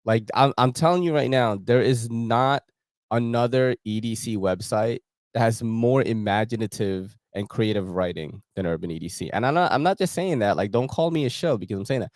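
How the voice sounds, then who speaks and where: A man's voice: mid-range voice, moderate pace, a little mellow, dry recording, studio quality. A young man hosting a casual gear show, chatting in laid-back slang while browsing a website and laughing often.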